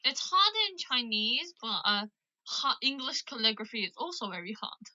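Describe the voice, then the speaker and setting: A woman's voice: on the high side, expressive, normal speed, pushed and bright. A woman with a Birmingham accent chatting casually with callers and playfully correcting their pronunciation. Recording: muffled lo-fi line.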